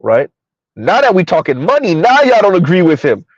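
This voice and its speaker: A man's voice: high-pitched, wildly swooping pitch, normal speed, no echo, dull audio. A man hosting a ranting commentary video, heated and repetitive, firing rhetorical questions at his viewers. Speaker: commentary channel host.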